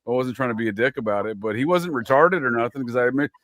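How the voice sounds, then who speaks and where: A man's voice: medium pitch, lively intonation, fast, fairly bright tone, dry recording. A man from Ohio chatting on a podcast, telling profane anecdotes and laughing often. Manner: profane, storytelling, laughs a lot. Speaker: podcast host. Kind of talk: casual podcast chat.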